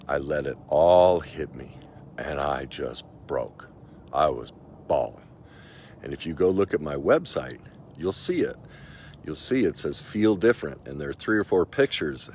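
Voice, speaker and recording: Deep-voiced man in his fifties, earnest. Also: a little hiss or hum. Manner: earnest, emotional, heartfelt storytelling; loose and conversational, with many likes and restarts. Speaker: emotional mastery coach. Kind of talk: personal motivational talk.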